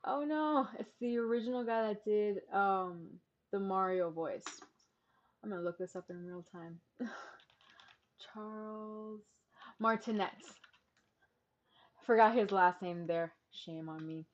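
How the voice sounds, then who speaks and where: A woman's voice: medium pitch, takes it slowly, long pauses, muffled recording. A woman vlogger giving casual reaction commentary, chatty and full of "like" and "um" fillers.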